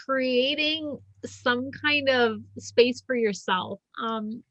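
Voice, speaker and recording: A woman's voice: a little high, very slow, a bit bright, dry recording. A middle-aged woman talking as a podcast guest, telling stories earnestly with many likes and you-knows. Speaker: podcast guest, shamanic healer and former physician. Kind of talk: casual interview chat. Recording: dry close sound.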